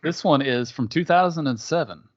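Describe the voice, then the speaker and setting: A man's voice: a little high, normal speed, lo-fi sound, a little hiss or hum. A man reading out movie clues in a plain, matter-of-fact way during a casual comedy game. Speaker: quiz reader.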